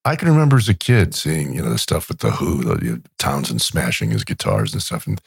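A middle-aged man co-hosting a podcast in casual chat, swearing freely and animated. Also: rumbling low, vocal fry, husky, no room sound, clean studio sound. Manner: profane, animated, drawn-out asides. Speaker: podcast co-host.

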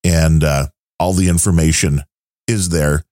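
A man's voice: extremely low pitch, fairly even intonation, measured pace, darkish tone, dry recording, clean studio sound. A man co-hosting a podcast, reading out listener donations in a loose, joking, rambling way. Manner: joking, rambling, laid-back. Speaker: podcast co-host. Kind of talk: casual podcast chat reading listener support.

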